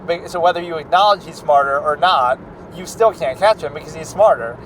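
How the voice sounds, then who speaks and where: A man's voice: on the high side, a little fast, a little hiss or hum, poor audio. A man giving casual film commentary in a rambling way, with many "like"s and restarts. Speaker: film critic.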